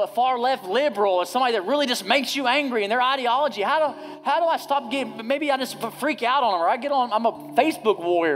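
A man's voice: very high-pitched, fairly bright tone. A man in his thirties, a pastor, preaching a conversational sermon in a casual, direct way, often checking in with the congregation. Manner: casual, direct, often asks "you know what I mean?". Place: church.

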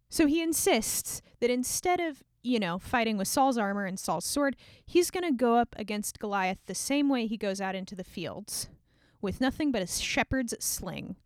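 A woman with a fairly high voice retelling a Bible story in a loose, chatty way. She uses frequent fillers and small laughs. The sound is close and dry, with no room echo. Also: animated, moderate pace.

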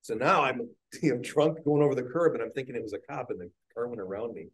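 A man, a guest business owner, frankly telling his own story on a podcast panel at a live event, getting animated when he acts out scenes. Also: mid-range voice, fast, slightly rough, low-quality recording. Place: live industry training event.

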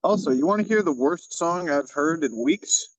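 A man's voice: fairly high pitch, lively intonation, moderate pace, dry recording, muffled recording. A man co-hosting a casual chat over a video call, laughing often and swearing as he tells stories. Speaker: podcast co-host.

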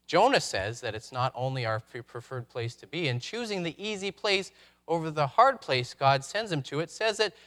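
A man preaching a sermon, reflective, posing rhetorical questions with dramatic pauses. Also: fairly high pitch, expressive, a bit bright. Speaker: pastor.

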